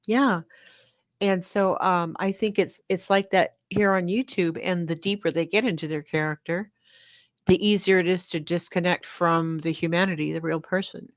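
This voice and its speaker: A woman guest on a live-stream panel, talking in a relaxed, thoughtful, conversational way. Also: on the low side, moderate pace, dry recording. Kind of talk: casual live-stream chat. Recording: dull dry remote audio.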